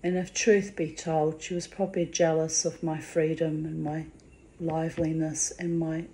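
A woman's voice: deep voice, little pitch movement, moderate pace, dark tone, slight background noise. A middle-aged woman speaking in a personal vlog monologue, bitter and confiding, with blunt swearing. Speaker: vlogger.

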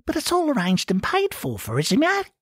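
A man's voice: extremely high pitch, huge pitch swings, moderate pace, fairly bright tone, husky, dry recording, clean studio sound, voice pushed up, heavily acted. A man voicing an apologetic, simple-minded young brother with a half-Australian twang, in a sheepish, fawning sing-song. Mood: eager.

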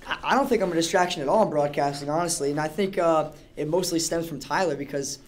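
A teenage high school student giving a rapid, defensive interview answer. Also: male voice. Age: teens. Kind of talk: casual interview. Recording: loud crowd noise behind.

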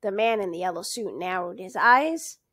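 A woman reading a novel aloud in a slow, expressive storytelling manner. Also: medium pitch, slightly rough, no echo, studio quality. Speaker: storybook reader.

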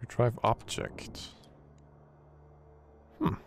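A man giving horror game let's play commentary, excitable and jokey, swearing often. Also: extremely slow, a little hiss or hum. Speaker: gaming channel host.

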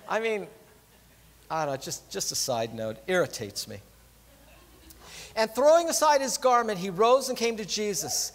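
A middle-aged pastor preaching a conversational, earnest sermon in a church. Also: male voice, sits high, sing-song, moderate pace, in a large hall. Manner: earnest, conversational, drops soft when pleading.

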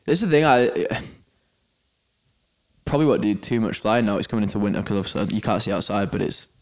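A man's voice: lowish voice, lively intonation, fast talker. A man co-hosting a podcast, telling a story in a rambling way with many restarts. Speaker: podcast co-host, pilot. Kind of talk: casual chat. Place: indoors at a venue.

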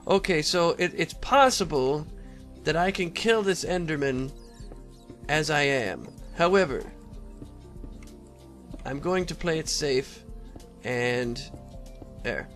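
A man's voice: fairly high pitch, animated, takes it slowly, long pauses, a bit bright, faint music behind. A man giving casual, rambling commentary over his own gameplay, talking to the monsters and often laughing. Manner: rambling, talks to mobs, frequent laughs and throat clearing. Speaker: Let's Play gamer.

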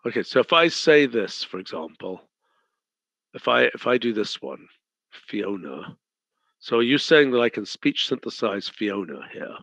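A man's voice: medium pitch, expressive, measured pace, vocal fry, a bit bright, dry recording, lo-fi sound. A man running a live working design meeting, thinking aloud in a direct, decisive way. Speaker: company head leading a design meeting.

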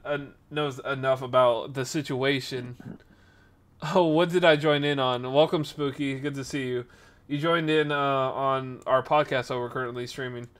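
A man in his twenties hosting a podcast and livestream, telling stories in casual chat, full of fillers and sudden jumps in loudness. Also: on the high side. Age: 20s. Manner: animated, filler-heavy, quick shifts in loudness. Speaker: podcast host and streamer.

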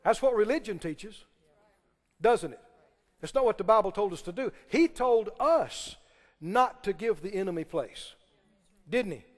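A man's voice: high voice, expressive, unhurried, pauses often, big-room sound. A man preaching a sermon, emphatic and firing questions at the congregation. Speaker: pastor.

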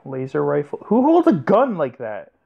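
A fairly high voice with wildly swooping pitch and vocal fry comes through at normal speed, with the highs cut off. The young man is casually commentating a mobile game for a let's-play, profane and giggly, laughing in disbelief.

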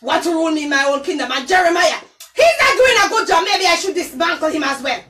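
A woman with a Jamaican accent plays a volatile, domineering queen, shouting orders and weeping in theatrical bursts. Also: very high-pitched, animated, fast, exaggerated voice. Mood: scheming. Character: volatile, domineering queen who is also a mother. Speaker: home-video actor. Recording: echoey room, far from the camera.

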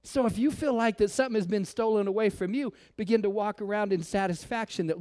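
A man with a notably high voice preaches a sermon to his congregation. He throws out rhetorical questions, then falls to hushed, almost whispered lines before rising again. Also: quick pace, few pauses. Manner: preaches with sudden drops to near-whispers and rising calls. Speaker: pastor. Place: church.

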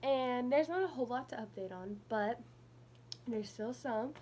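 A woman's voice: fairly high pitch, normal speed, a little mellow, slightly rough. A young woman with a lisp talking casually through a retainer in a personal vlog update. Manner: chatty, slightly mumbled with a retainer in. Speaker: vlogger.

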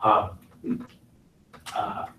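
A middle-aged man, an actor giving a casual lecture to a class, talking in an animated way and swinging between loud and soft to make his points. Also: drawn-out words, slight background noise. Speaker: guest actor speaking to a class. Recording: very echoey room, from far off.

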